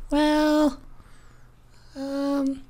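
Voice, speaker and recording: Slow, laughing podcast co-host man. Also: very high-pitched. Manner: laughs often, reads listener questions in a loose, joking way. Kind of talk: casual film podcast banter.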